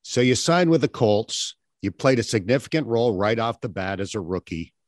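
A man's voice: lowish voice, lively intonation, moderate pace, no echo, clean studio sound. A man hosting a radio interview, asking questions in a friendly, plain way. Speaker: radio host.

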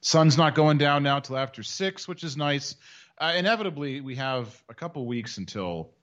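A man talks sports and banter on a weekly podcast, wry and quick to mimic others. His pitch moves a lot, and the recording sounds a bit muffled and lo-fi. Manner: wry, animated, slips into mock voices. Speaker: podcast co-host.

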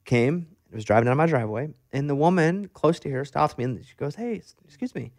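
A man hosting a casual interview, telling stories fast and animatedly, acting out quoted voices. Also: medium pitch, animated, darkish tone. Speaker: radio host.

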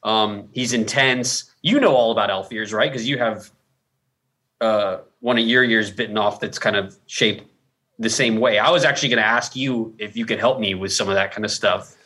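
A man's voice: lowish voice, normal speed, bright, forceful tone, slightly rough. A man co-hosting a podcast, protesting defensively while being teased. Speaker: podcast co-host, actor. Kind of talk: casual podcast banter.

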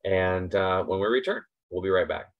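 A man's voice: low voice, normal speed. A man hosting a casual motivational talk, speaking emphatically and repeating his points for stress. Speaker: host. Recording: slightly dull lo-fi recording.

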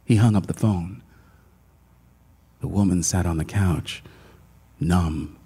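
A man narrating a literary short story in a hushed, dramatic manner. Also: low voice, takes it slowly, creaky, husky.

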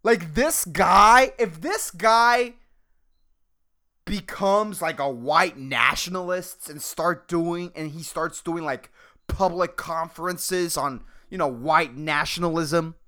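A man hosting a solo podcast, rambling and swearing casually in a low, soft-spoken drawl, throwing in "man" and "dude". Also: slow pace. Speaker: podcast host.

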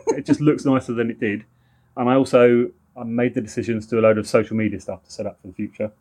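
A middle-aged man with a London accent trades dry, joking banter as a podcast co-host. His voice is husky with a slightly rough edge, and he talks at an easy, relaxed pace. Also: mid-range voice, fast talker. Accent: London English. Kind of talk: casual chat.

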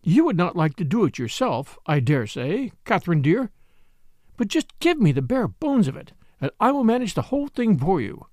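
A man putting on a gushing high-voiced society lady. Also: sing-song, moderate pace, darkish tone, dry recording, clean studio sound. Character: gushing scheming society lady, middle-aged.

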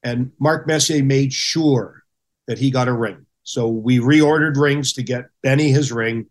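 Man, middle-aged, podcast guest, casual storytelling, animated, acts out quotes, medium pitch. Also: measured pace. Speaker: podcast guest, former hockey goaltender.

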